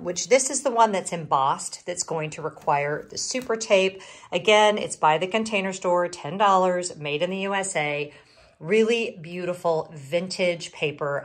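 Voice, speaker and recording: A middle-aged woman with a light Southern US drawl talks through her shopping finds in a relaxed vlog. Her voice sits somewhat low, and she rambles, restarting sentences and wandering off on asides. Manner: rambling, self-interrupting. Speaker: vlogger. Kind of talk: casual vlog chat.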